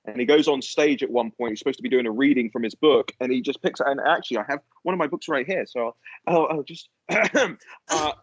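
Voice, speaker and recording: A man's voice: mid-range voice, fairly quick, no room sound, lo-fi sound. A man as a guest in a casual political chat, ranting animatedly and swearing freely.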